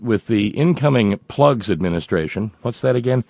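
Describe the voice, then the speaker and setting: A man's voice: lowish voice, animated, moderate pace, creaky, a little mellow, no room sound. A man hosting a political talk show, ranting sarcastically with many stumbling restarts.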